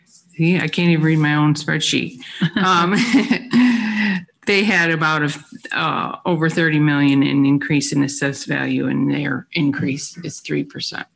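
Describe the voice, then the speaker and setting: A county official walking a meeting through tax figures, halting with many fillers and self-deprecating asides. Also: medium pitch, gravelly, fairly bright tone. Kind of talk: meeting presentation.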